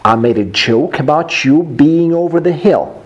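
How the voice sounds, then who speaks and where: A defensive man brushing off a tactless joke, read aloud by a male teacher. The lines come at a raised pitch in a textbook-reading style. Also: animated, unhurried, highs cut off.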